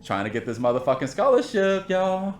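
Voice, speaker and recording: A man's voice: high-pitched, big pitch swings, brisk, echoey room, slight background noise. A man hosting a podcast, chatting casually and laughing as he recalls film scenes. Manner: laid-back, laughing, quoting films. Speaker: podcast host. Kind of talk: casual chat.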